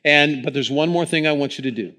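A man preaching a sermon in church, talking into a microphone and swinging between hushed lines and loud ones. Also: on the high side, fast talker. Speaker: pastor.

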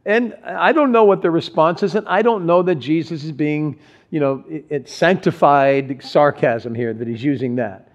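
A man's voice: a little high, moderate pace. Earnest male pastor in dull lo-fi audio. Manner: earnest, conversational preaching with frequent restarts. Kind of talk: sermon. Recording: dull lo-fi sound.

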